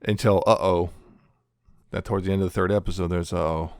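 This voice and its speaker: Podcast co-host, male, lowish voice, dry close mic, loose rambling recaps. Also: fairly even intonation, a little mellow, clear, resonant tone, no room sound. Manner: rambling, recaps plots with quick acted quotes and laughs. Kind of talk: casual chat reviewing anime.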